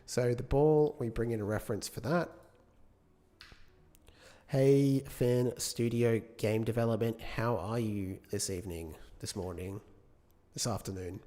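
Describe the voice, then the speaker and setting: A man's voice: mid-range voice, a little slow, warm tone. A man gives casual live-coding commentary as a game developer, thinking aloud, correcting himself and chatting with viewers. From United Kingdom. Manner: chats with viewers between tasks.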